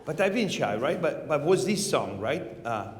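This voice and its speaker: A middle-aged man with a Spanish accent hosts a live onstage conversation, animated and laughing and swearing freely. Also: a little high, moderate pace. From Spain. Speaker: podcast host. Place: large venue with live audience. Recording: echoey hall.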